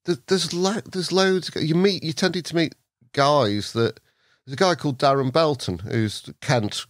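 A man, a podcast guest from England, telling a long anecdote in a lively way, putting on voices and laughing often. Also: a little high, measured pace, dry recording, studio quality. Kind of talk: anecdotal storytelling.

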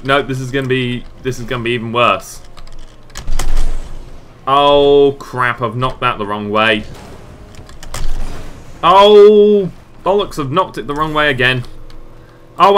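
A man commenting on his own match as a gaming channel host, excitable and self-mocking, often shouting and groaning at the game. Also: mid-range voice, a little hiss or hum. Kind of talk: let's play commentary.

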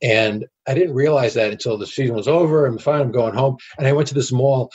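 A middle-aged man, guest on an interview show, telling anecdotes in a casual, animated way. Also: mid-range voice, a little fast, few pauses, husky, muffled recording. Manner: animated anecdotes with acted quotes.

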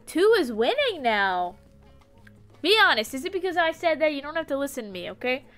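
A woman's voice: sits high, very animated, brisk, a bit bright, faint music behind. A woman streaming a game live, playful and giggly, chatting with her viewers and reading character lines in silly voices. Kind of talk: live gameplay commentary.

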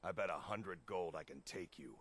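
A man's voice: low voice, moderate pace, fairly bright tone, husky. A man voicing a cocky warrior who challenges strangers to a brawl in a game. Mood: taunting. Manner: cocky, taunting. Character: boastful male Nord brawler warrior.

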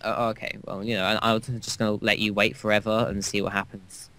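Here a gaming co-host tells a lengthy, crude story in a loose, wandering way during casual gameplay chat. He talks fast in a fairly low voice that barely moves in pitch, with a bright, forceful tone.

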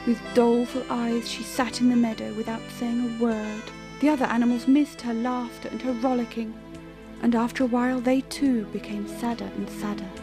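Woman telling a kids cartoon story, kinda high voice, very sing-songy, light music in the back. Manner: expressive, lilting storytelling. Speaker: narrator. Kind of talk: storybook narration. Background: faint music.

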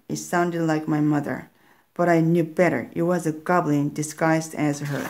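A woman narrating a children's story slowly and clearly, as a reading for learners. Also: deep voice, steady tone, a little mellow. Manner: slow, clear, deliberate.

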